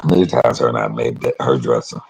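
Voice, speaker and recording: Speaking fast in an extremely low, husky voice with vocal fry, a middle-aged cooking vlogger keeps up a casual, emotional stream of talk while he cooks. He reads viewers' comments as he goes and addresses the live chat by name. The recording is rough.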